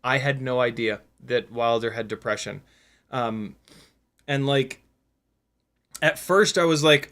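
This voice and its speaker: A man's voice: medium pitch, takes it slowly, long pauses, a bit bright, clean tone. A sleepy man in his forties or older hosting a drone livestream in casual chat, reading viewer comments aloud and rambling candidly with lots of fillers. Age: 40s or older. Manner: rambling and candid, with frequent fillers and self-mocking asides. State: tired, sleep deprived. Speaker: FPV drone livestream host.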